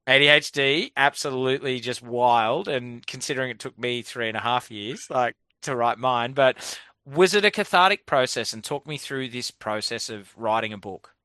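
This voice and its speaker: Bright, clear-voiced Australian man hosting. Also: medium pitch, normal speed, hardly any pauses, no room sound. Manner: laughs often, restarts and trails off. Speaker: podcast host. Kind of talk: casual interview chat.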